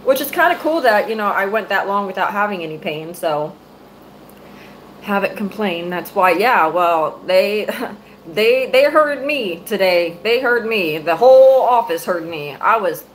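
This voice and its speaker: Close to her phone mic, a middle-aged woman who is a mother curses freely as she vents her anger to live-stream viewers. Her medium-pitched voice has lively intonation and an unhurried pace, while the low-quality audio carries a little hiss or hum.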